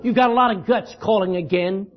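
A man's voice: high-pitched, brisk. A preacher doing an irritable man on the phone. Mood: irritated. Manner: annoyed, scolding. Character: irritable middle-aged man answering the phone. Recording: dull lo-fi recording.

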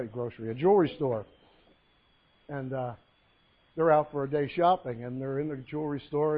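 High-voiced man preaching over a tinny line. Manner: folksy storytelling with jokes and Bible reading. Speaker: pastor. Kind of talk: sermon. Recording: phone-like narrow sound.

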